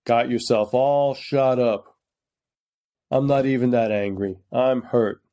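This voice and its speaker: A cruel crime boss who taunts his victims and threatens them quietly, in no hurry at all, as a man reads him. The voice is mid-pitched and even. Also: slow. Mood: quietly menacing.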